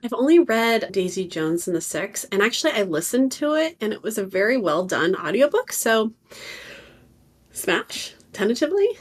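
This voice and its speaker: A woman's voice: mid-range voice, very animated, brisk, hardly any pauses. A woman co-hosting a podcast in casual chat, chatty and opinionated, rambling through her views. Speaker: podcast co-host.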